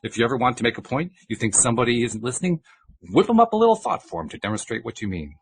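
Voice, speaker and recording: A man's voice: medium pitch, sing-song, quick pace, slight background noise. A man reading a book aloud and voicing a patient male spiritual teacher who explains things. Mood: playful.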